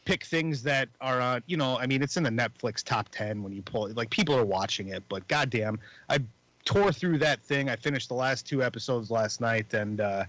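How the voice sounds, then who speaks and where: A man's voice: mid-range voice, normal speed, fairly bright tone, dry recording, poor audio. A man co-hosting a podcast in casual chat, rambling with frequent restarts and casual swearing. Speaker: podcast co-host.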